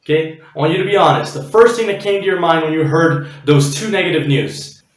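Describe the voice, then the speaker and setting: A man's voice: on the high side, fairly quick. A man hosting his own channel in a casual motivational talk, chatty and often checking in with the viewer. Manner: chatty, frequent "okay?" and "right?" check-ins. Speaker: channel host. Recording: echoey room.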